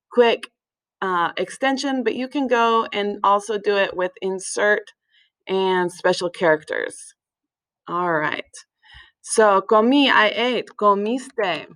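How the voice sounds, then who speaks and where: A woman teaching a recorded language lesson in a relaxed way, with many fillers, slowing down to spell words out. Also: mid-range voice, poor audio. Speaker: Spanish teacher.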